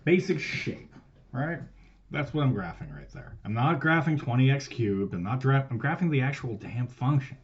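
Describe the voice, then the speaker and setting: A man teaching a casual recorded math lesson, loose and profane, swinging between loud stressed words and quiet trailing asides. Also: mid-range voice, lively intonation, normal speed, muffled recording. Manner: loose and profane, swears casually while explaining.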